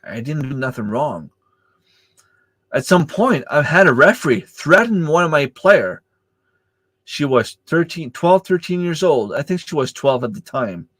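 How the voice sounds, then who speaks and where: A youth soccer coach chats casually on a livestream, his voice swinging widely in pitch at a measured pace, slightly bright with no room sound. He tells stories full of fillers and restarts, hesitating often, and acts out quoted exchanges with a rising pitch.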